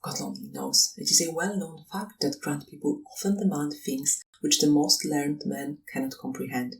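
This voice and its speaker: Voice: mid-range voice, big pitch swings, moderate pace, far from the mic, natural voice, rough recording. A reader voicing a nervous young student. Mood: protesting. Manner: protesting, pleading. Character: young male seminary student, nervous, evasive. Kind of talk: audiobook reading.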